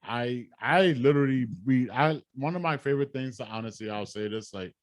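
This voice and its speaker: A man's voice: medium pitch, a little fast, no echo. A man co-hosting a podcast, chatting casually in a laid-back, slangy way full of "like" fillers. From Puerto Rican heritage. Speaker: podcast co-host. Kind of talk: casual chat.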